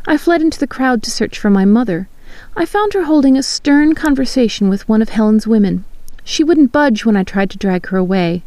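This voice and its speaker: Mellow woman reading a story. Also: fairly high pitch, no echo. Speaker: narrator. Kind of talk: scripted first-person story narration.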